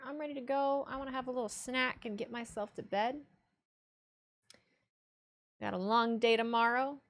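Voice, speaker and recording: A woman's voice: fairly high pitch, fairly even intonation, moderate pace, long pauses. Joking, foul-mouthed young woman streamer. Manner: joking, blunt, swears freely. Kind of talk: casual live-stream chat.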